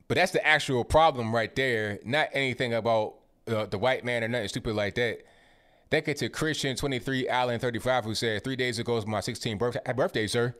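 A man's voice: medium pitch, a bit bright. A man hosting a livestream in a casual commentary style. He reads viewer comments aloud and answers them with blunt rhetorical questions, using slang and often repeating words.

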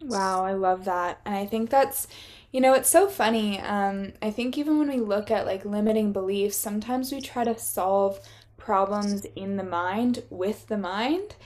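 A woman's voice: medium pitch, a little slow, darkish tone. A woman hosting a podcast, reflecting on her guest's words and asking thoughtful questions in an affirming way. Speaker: podcast host. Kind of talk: conversational interviewing.

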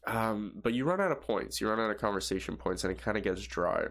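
A young man with a fairly low voice rambles through a casual podcast monologue. He swears freely and keeps stopping to restart his sentences, padding them with fillers. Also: animated, fast talker, vocal fry, fairly bright tone. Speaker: podcast host.

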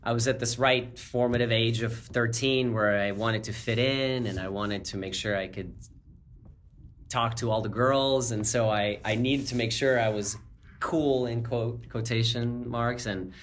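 A man's voice: mid-range voice, moderate pace, slight background noise. A man in his forties, born in Ukraine with Russian as his first language, speaking with an American accent, chatting as an executive guest in a casual interview with many fillers. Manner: relaxed, chuckling, many fillers.

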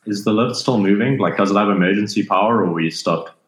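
A man's voice: fairly low pitch, quick pace. A man playing a tabletop game who asks practical questions about the scene. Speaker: player. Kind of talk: casual tabletop play. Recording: roomy echo.

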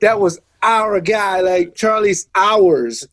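A man's voice: high voice, slow pace, a bit bright, no room sound. A middle-aged man and former pro football player, a guest telling stories in a casual interview and acting out the voices of the people he quotes.

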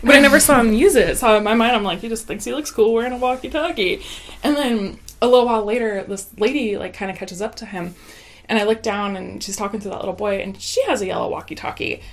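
A woman's voice: a little high, fast talker. A young woman, a mom, chatting casually on a podcast, telling stories animatedly and laughing often. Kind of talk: casual chat, storytelling.

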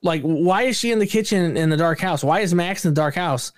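A man's voice: sits high, a little fast, no echo. Guy ranting about movies on a podcast, swears a lot, dry close mic sound. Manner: animated, swears a lot, rants with raised voice. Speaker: podcast co-host. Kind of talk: casual movie review chat.

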